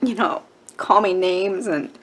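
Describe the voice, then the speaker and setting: A woman's voice: medium pitch, a little slow, a bit bright. A woman in her forties telling a personal story to camera, candid and emotional, with a casual "like" and a tearful edge. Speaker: vlogger.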